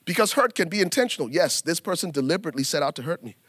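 A man preaching a sermon in an animated, folksy way, turning to the congregation and acting out little scenes. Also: on the high side, racing, slightly rough, dry recording, clean studio sound. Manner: animated preaching with acted asides; folksy, addresses congregation as y'all. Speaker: pastor.

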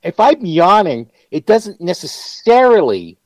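A man's voice: high voice, big pitch swings, unhurried, no echo, low-quality recording. A man co-hosting a podcast in casual chat, with dry, sarcastic humor. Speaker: podcast co-host.

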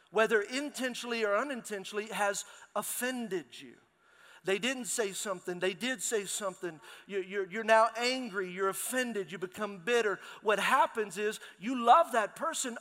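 A middle-aged man preaching a sermon as pastor, telling lively stories and calling out to his congregation. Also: high-pitched. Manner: lively storytelling, calls out to the congregation. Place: large church hall. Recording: long hall reverb in a church.

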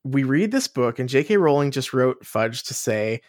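A woman's voice: extremely low pitch, big pitch swings, normal speed, a little mellow, no echo, clean studio sound. A woman co-hosting a podcast in casual chat, rambling and laughing, swearing freely. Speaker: podcast co-host.

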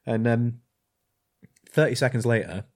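A blacksmith telling a rambling, hesitant story in casual chat. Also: male voice, medium pitch, measured pace, darkish tone. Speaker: blacksmith and podcast co-host.

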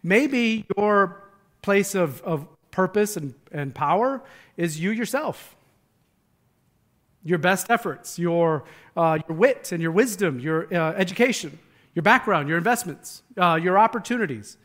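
A pastor with a notably high voice for a man delivers a conversational sermon. He speaks earnestly and with emphasis, doubling back on words as he reaches for the next phrase. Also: animated, a little slow, fairly bright tone.

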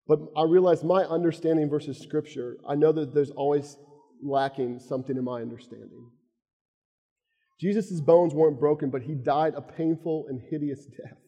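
A man's voice: a little high, mellow, in a large hall. A man with a Southern US accent preaching a sermon, earnest and a bit rambling.

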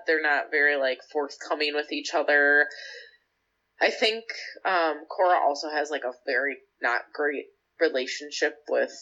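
A woman's voice: sits low, a bit bright. A young woman co-hosting a podcast, casually recapping a show with lots of filler words and acted-out lines. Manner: rambling, lots of "like" fillers, acts out characters' lines. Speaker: podcast co-host. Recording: slightly dull lo-fi audio.

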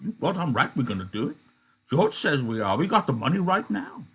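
A man reading aloud as a worn old farmhand who dreams of owning land, his voice lifted high and earnest. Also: sing-song, brisk, a bit bright, slightly rough, exaggerated voice. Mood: defiant. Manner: raised pitch, earnest, insistent.

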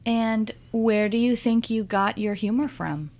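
A woman's voice: on the high side, unhurried, a little mellow. A woman interviewing a guest, encouraging and attentive, with frequent short acknowledgements between her follow-up questions. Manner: encouraging, backchannels often. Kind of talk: conversational interview.

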